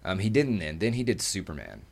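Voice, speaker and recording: Guy with a lowish voice rambling through funny crude stories, casual podcast chat. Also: fairly quick, creaky, husky. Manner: crude, joking, animated storyteller. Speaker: cosplayer guest.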